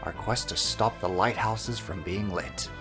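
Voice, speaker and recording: A man narrates a video game playthrough with a lively, bouncing delivery, casual and teasing. Faint game music plays underneath. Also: fairly low pitch, unhurried. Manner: playful, teasing, upbeat. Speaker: host of a game let's play. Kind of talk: casual gameplay commentary.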